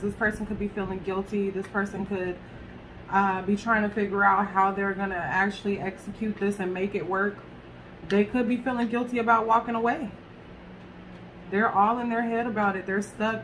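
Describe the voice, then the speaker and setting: A woman's voice: mid-range voice, fairly even intonation, normal speed, a little hiss or hum. A woman reading tarot cards to camera in a chatty way, talking straight to her viewers and swearing casually. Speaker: tarot reader.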